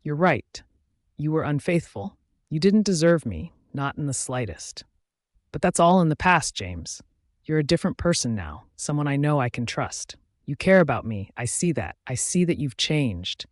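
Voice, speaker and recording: A man's voice: on the high side, big pitch swings, normal speed, no echo, clean studio sound. A man voicing an earnest, forgiving young mate who pleads insistently in an audiobook romance. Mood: pleading.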